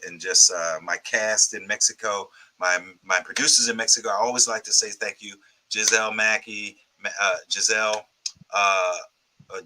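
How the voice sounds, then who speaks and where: Bright-voiced man giving thanks. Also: fairly low pitch, low-quality recording. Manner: rambling, grateful, many ums. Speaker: guest filmmaker. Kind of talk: casual interview plug.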